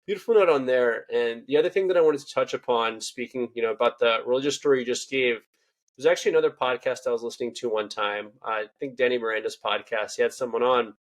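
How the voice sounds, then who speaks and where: Fast-talking young podcast host. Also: male voice, medium pitch. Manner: chatty, rambling, lots of "you know". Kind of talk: casual interview talk.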